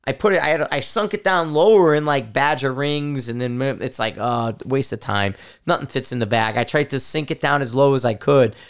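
A man's voice: mid-range voice, fairly quick, hardly any pauses, clean tone. A middle-aged man hosting a podcast, ranting in a casual, rambling way and swearing often out of frustration. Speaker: podcast host. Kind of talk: casual solo rant.

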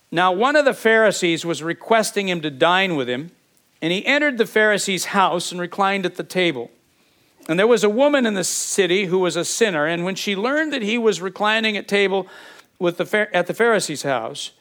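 A man with a fairly high voice preaches a sermon. He talks to the congregation in a conversational way, putting questions to them and often repeating words as he thinks aloud. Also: fairly bright tone. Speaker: pastor.

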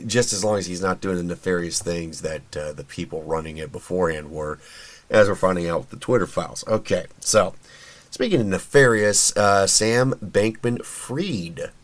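Frequent fillers and false starts mark this rambling solo commentary from a podcast host, a man with a low voice who is chatty and quick to share opinions.

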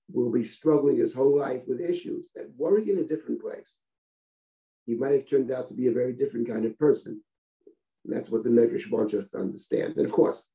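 A man's voice: mid-range voice, gravelly, warm tone, poor audio. A man giving a Torah study lesson, reading Hebrew verses aloud and translating them, asking "right?" as he explains. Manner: thoughtful, asks rhetorical checks with "right?". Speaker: Torah teacher. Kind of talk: text study lecture.

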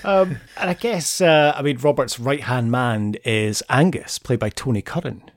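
A man's voice: medium pitch, normal speed, dry recording. Easygoing man, dry close sound. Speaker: podcast co-host. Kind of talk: casual film chat.

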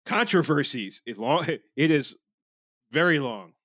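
A man's voice: a little high, expressive, measured pace, fairly bright tone, no room sound. Man, podcast co-host, rambling, swearing, filler-heavy, dry close mic. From Philadelphia, USA. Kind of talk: casual podcast banter.

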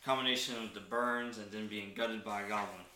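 Male game master, relaxed narrator, bright tone, roomy recording. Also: fairly low pitch, brisk, a little hiss or hum. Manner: relaxed, laughs often, fillers.

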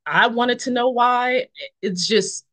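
On a podcast, a female guest in her forties talks through her faith journey at an easy, thoughtful pace. Fillers and frequent pauses fill her speech, and when she quotes friends she does them in bright, high-pitched voices.

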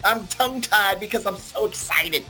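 A man's voice: high voice, moderate pace, soft background music, rough recording. Giddy, theatrical podcast host man. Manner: excitable, theatrical, grandiose self-introductions. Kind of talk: casual podcast chat. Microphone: remote video call.

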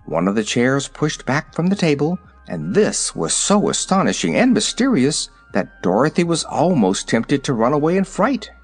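A man narrates a storybook with an animated, rising-and-falling delivery at a middling pitch. His reading stays steady, with soft music faintly underneath. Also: moderate pace, few pauses, husky. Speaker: audiobook narrator. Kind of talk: scripted narration.

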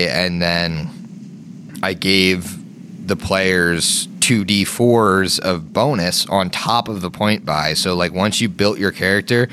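A man's voice: low-pitched, pushed and bright, slight background noise. A man co-hosting a tabletop gaming podcast and explaining how he runs his games, in loose casual chat with a lot of swearing. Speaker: podcast co-host and game master.

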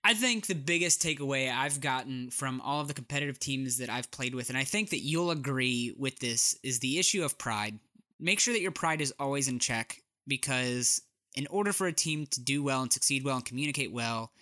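Brief: chatty male co-host, bright voice, dry close sound. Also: mid-range voice, no room sound. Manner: chatty, lots of "like" and "uh". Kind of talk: casual chat.

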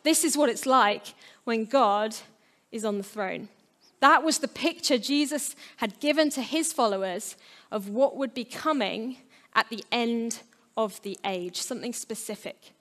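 A woman's voice: fairly high pitch, a little slow, a bit bright. Earnest woman preaching. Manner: earnest, storytelling, playful asides. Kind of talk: sermon.

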